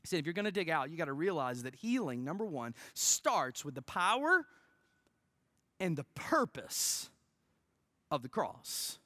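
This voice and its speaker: Pastor giving a sermon, conversational and dramatic, very animated pitch, dry room. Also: a little slow, no room sound. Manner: dramatic, swings from loud to near-whisper; peppers phrases with "right?".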